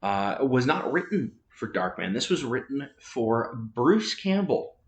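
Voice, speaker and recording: A man's voice: mid-range voice, big pitch swings, a little slow, roomy sound. A man casually chatting about movies as a podcast host, rambling with many fillers and restarts.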